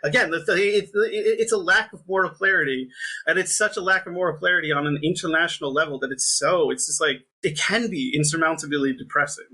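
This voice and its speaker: A man's voice: on the high side, a little fast, pushed and bright, husky. A young man in casual conversation, rambling with constant fillers and sounding frustrated. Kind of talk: casual political chat.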